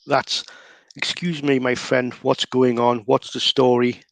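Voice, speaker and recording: Geordie man, gravelly, dry close sound, relaxed local-guide chat. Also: medium pitch, no room sound. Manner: relaxed, explains slowly with many fillers. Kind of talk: casual explanatory chat.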